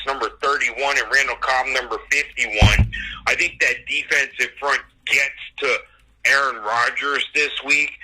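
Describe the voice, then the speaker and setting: A man hosting a fantasy football radio show, giving a steady rundown of player rankings. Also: medium pitch, low-quality recording. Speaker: host.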